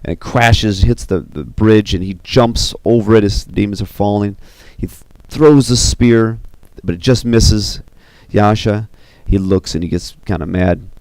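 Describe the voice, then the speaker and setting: Man, deep and gravelly, casual film storyteller with lots of fillers, dry close mic. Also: measured pace, few pauses, no room sound. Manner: animated, filler-heavy with you know and uh. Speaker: storyteller recounting an animated film. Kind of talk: casual retelling.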